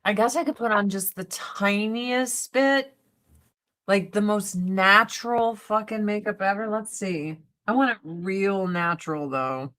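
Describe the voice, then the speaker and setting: A woman's voice: medium pitch, a little slow, a bit bright. A woman livestream host in casual chat while doing her makeup, talking bluntly with heavy swearing. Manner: blunt, profane, ranting.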